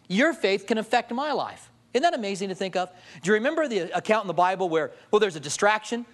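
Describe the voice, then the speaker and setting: A male pastor preaching a sermon, telling humorous stories and acting out quotes. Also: high voice. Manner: storytelling with jokes, lively acted-out quotes.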